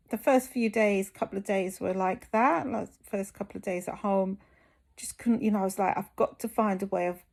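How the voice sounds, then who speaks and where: A tired woman from the UK talks openly to the camera, her voice dropping into a gravelly fry. She hesitates often, filling pauses with ums and restarting her sentences. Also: mid-range voice, a little mellow. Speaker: fitness vlogger recovering from surgery. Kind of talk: candid talking-to-camera vlog.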